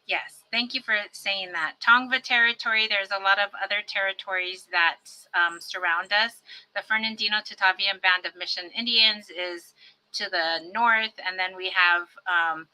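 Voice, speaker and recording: A middle-aged woman hosting a virtual event, welcoming guests with warm, chatty personal introductions over a video call. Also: mid-range voice, fairly even intonation, moderate pace, low-quality recording. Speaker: host.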